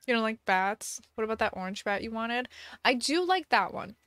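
A young woman with a fairly high voice chats casually on her live stream, giggling and reading out viewer messages. Quiet music plays softly underneath her. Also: animated, moderate pace. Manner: chatty, giggly, reads viewer messages aloud. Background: soft music.

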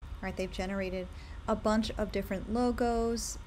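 A young woman narrates a screen-share tutorial in a casual, upbeat way, often recommending what she likes. Her voice sits in a middle pitch. A faint hum of noise runs underneath. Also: fairly even intonation, normal speed, a little mellow. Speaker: candle brand owner.

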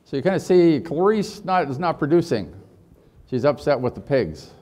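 A man's voice: a little high, very animated, normal speed, a little mellow. Male leadership trainer, storytelling workshop talk, asks the room lots of questions. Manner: rhetorical questions to the audience.

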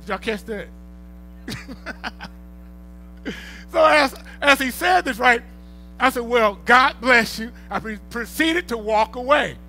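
A middle-aged man preaching a sermon. His voice sits very high for a man and rings bright and sharp, and he often swells to loud, emphatic peaks. Faint music plays softly behind him. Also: animated, slow pace, long pauses. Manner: preaching with rising bursts of volume and storytelling. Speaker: pastor.

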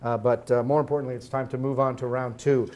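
A man's voice: mid-range voice, flat delivery, fast, darkish tone. A man hosting a game show in an upbeat, chuckling way.

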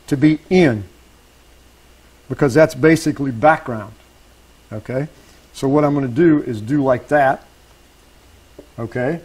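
A man's voice: mid-range voice, a little slow, long pauses, darkish tone, breathy edge, low-quality recording. A man giving a live woodworking demonstration to an audience, talking as he works, restarting phrases and checking in with the room. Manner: talks while working, self-correcting, asks audience checks. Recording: faint background noise.

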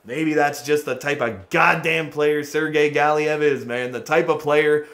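Excitable trash-talking gamer guy. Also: fairly high pitch, measured pace. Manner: excitable, trash-talking, laughs often, calls out players. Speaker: gaming YouTuber. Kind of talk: live gameplay commentary.

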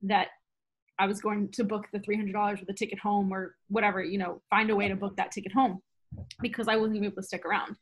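Animated storytelling woman, slightly husky. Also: medium pitch, quick pace. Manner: animated, laughs often, acts out quoted dialogue. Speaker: podcast guest, travel blogger. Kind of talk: casual storytelling.

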